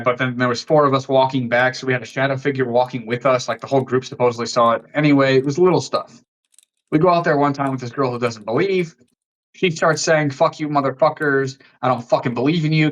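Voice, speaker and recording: A man's voice: medium pitch, fairly bright tone. A young man from the American Midwest telling a long story on a podcast, rambling and swearing freely with many "likes". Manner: profane and rambling, heavy use of "like". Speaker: podcast guest, fitness coach. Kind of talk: casual storytelling in a podcast interview.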